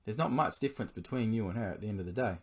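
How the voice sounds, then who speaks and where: A hoarse man who is losing his voice speaks in an earnest, pleading monologue aimed at his partner. He keeps stopping to clear his throat. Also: lowish voice, very fast. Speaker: vlogger addressing his partner. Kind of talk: confessional monologue to camera.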